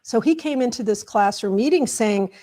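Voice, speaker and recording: A woman's voice: fairly high pitch, animated, normal speed, dark tone. A woman guest in an interview, retelling a conversation step by step. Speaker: guest, culture change consultant. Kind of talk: storytelling in an interview.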